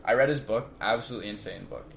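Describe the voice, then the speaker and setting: A young man co-hosting a podcast, chatting casually in an excitable, slangy, rambling way. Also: on the low side, very fast, creaky, a little hiss or hum. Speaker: podcast co-host. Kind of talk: casual chat.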